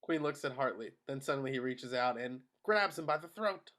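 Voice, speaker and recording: A man's voice: medium pitch, brisk. Man reading screenplay action lines. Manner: steady, matter-of-fact delivery. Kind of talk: reading screenplay stage directions.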